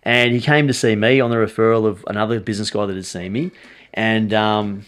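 A man, a strength coach, telling stories on a podcast in a blunt, animated way and swearing freely. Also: on the low side, brisk. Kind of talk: casual podcast storytelling.

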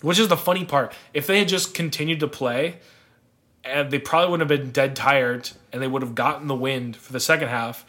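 A man's voice: mid-range voice, fairly even intonation, a little fast, bright, forceful tone. Rambling young man telling a story. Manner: rambling, laughs often, trailing off. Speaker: podcast co-host. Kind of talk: casual storytelling chat.

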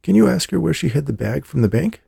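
A man's voice: a little high, very animated, quick pace, creaky, dark tone, slightly rough, dry recording, studio quality, pitched above the performer's own voice, exaggerated voice. A male narrator playing a grieving bank robber who speaks in an earnest, pleading way.

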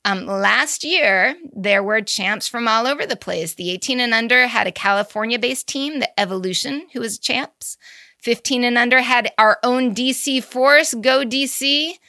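A woman chats through the news on her podcast, tossing in quick asides and laughing easily. Her voice is bright and slightly high, with a gravelly fry. The sound is dry and close. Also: no echo. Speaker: podcast co-host. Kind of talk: casual chat about girls' baseball news.

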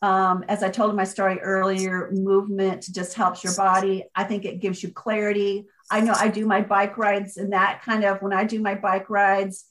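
A woman author being interviewed, speaking in an energetic, motivational way and driving her points home with repetition. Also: mid-range voice, moderate pace, hardly any pauses, poor audio. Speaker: author guest. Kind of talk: conversational interview.

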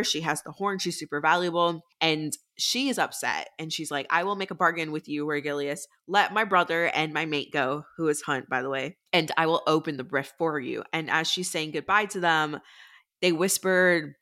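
A woman's voice: low-pitched, a bit bright. A woman co-hosting a book podcast, giving a chatty plot recap with filler words. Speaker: podcast co-host.

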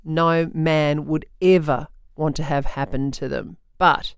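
A woman hosting breakfast radio, teasing her co-host and laughing easily. Her voice is smooth and clear, and the mic sits close in a dry studio. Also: deep voice, unhurried, no room sound. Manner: teasing, laughing, lively reactions. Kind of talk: casual radio banter.

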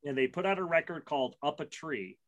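A man's voice: fairly high pitch, expressive. Rambling, self-mocking man on a podcast. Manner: rambling, self-mocking, quick bursts with restarts. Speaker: podcast co-host. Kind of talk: casual chat.

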